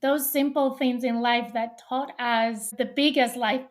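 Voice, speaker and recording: A woman's voice: on the high side, steady tone, unhurried. A woman hosting a podcast, who affirms and reflects on what her guest says and reads a promotion for her own event. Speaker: podcast host. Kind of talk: interview host and read ad.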